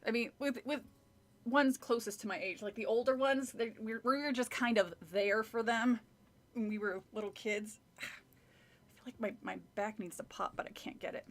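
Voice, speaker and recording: A woman's voice: on the high side, fairly even intonation, normal speed. A woman streamer reading a children's horror book aloud, breaking off for wry, laughing asides. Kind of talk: storybook reading with chat asides.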